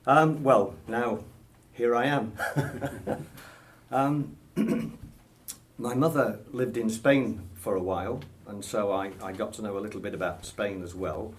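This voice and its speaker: This man from Britain, in his sixties and with a British accent, hesitates and chuckles through a casual interview, filling his answers with ums. He speaks slowly in a lowish voice, with slight background noise.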